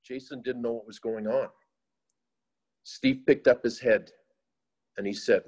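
A man narrating a moral story in a slow, solemn, often quiet way. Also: medium pitch, steady tone, husky.

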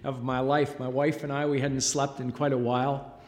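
A middle-aged father giving an emotional church testimony, halting and choked up, with frequent pauses and fillers. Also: medium pitch, flat delivery, a little mellow. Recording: long reverb of a large hall.

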